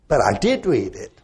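An older man, a preacher, telling a personal story in a reflective, gently self-mocking way. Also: medium pitch. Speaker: preacher and former missionary.

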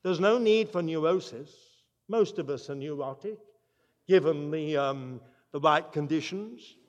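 A man preaching a sermon, earnest and emphatic, swinging between loud declarations and quiet asides. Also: on the high side, a little slow, highs cut off. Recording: long reverb from a large hall.

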